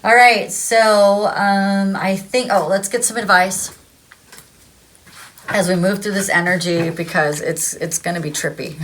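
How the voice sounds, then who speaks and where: A woman's voice: mid-range voice, fairly even intonation, a little slow, a bit bright, a little hiss or hum. A woman giving a casual tarot energy reading, rambling, repeating herself and laughing often. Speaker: tarot reader.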